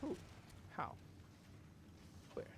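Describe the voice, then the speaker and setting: A man's voice: extremely slow, a bit bright, slight background noise. A man streaming live, chatting casually with his viewers in a rambling, joking way, full of fillers, restarts and casual swearing. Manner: talks to chat, many fillers and restarts. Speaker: livestreamer.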